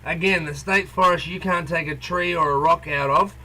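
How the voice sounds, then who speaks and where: A man's voice: fairly high pitch, fairly even intonation, moderate pace, sharp tone. An Australian man giving a blunt, passionate rant to camera outdoors, calling everyone "mate". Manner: blunt, repeats "mate" constantly. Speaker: activist vlogger. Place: outdoors near a coal mine.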